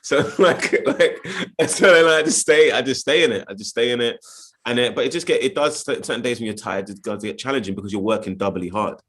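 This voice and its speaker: A man with a London accent speaking in a relaxed, chatty way on a panel, often laughing. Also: mid-range voice, fairly quick, husky. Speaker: actor panelist. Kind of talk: casual panel chat.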